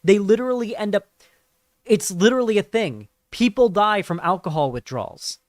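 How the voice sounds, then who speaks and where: A man's voice: high-pitched, lively intonation, moderate pace, no room sound, clean studio sound. A man giving casual live-stream commentary, rambling and profane, with lots of fillers.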